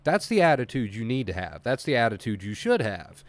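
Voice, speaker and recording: A man's voice: mid-range voice, very animated, a little fast. A man talking earnestly as an anxiety recovery coach on a livestream, emphatic and repeating his key points. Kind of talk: motivational livestream talk.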